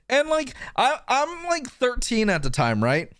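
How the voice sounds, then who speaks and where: A man's voice: very high-pitched, huge pitch swings, a little slow, few pauses, a bit bright, dry recording, studio quality. A young man chatting casually on a stream, rambling and swearing as he tells stories about himself. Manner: rambling, swearing, self-mocking.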